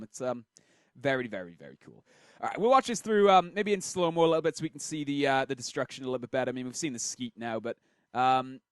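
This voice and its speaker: Lively chatty male replay-show host. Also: fairly high pitch, dry recording, clean studio sound. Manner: chatty, rambling, thinks aloud with fillers. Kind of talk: casual commentary. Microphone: desk mic, close.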